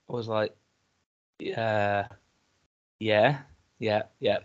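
A man's voice: fairly low pitch, slow, long pauses, muffled recording. A man, teasing his co-host and chatting about his young kids on a podcast. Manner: teasing, chatty, recounts kids' sayings. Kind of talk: casual chat.

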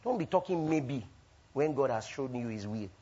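A man preaching a sermon with call-and-response, swinging between loud bursts and soft asides. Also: mid-range voice, animated, normal speed, slightly rough. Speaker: pastor. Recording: dull lo-fi recording.

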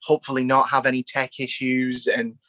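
An informal podcast host talks over a video call and gushes a little about the guest. The voice is bright and forward in a middle pitch. The recording is dry, with no room sound. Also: monotone, fairly quick, dry recording. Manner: eager fan, chatty and informal.

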